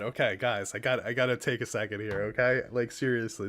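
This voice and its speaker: A man's voice: mid-range voice, steady tone, brisk, hardly any pauses, fairly bright tone. A man hosting a casual live stream, talking earnestly and effusively to his viewers and often stumbling over and repeating his words. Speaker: streamer and reaction host.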